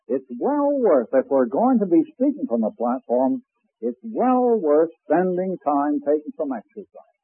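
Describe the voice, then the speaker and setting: A man teaching a class on preaching, talking slowly and deliberately and demonstrating breathing as he explains. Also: a little high, breathy edge, no echo. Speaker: preaching instructor. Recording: tinny, phone-like old recording.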